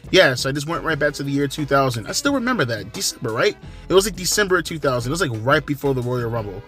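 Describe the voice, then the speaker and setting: A man's voice: on the high side, fairly bright tone. A man in his thirties giving a profane, ranting review of a wrestling show from his living room. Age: 30s. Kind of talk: ranting casual commentary.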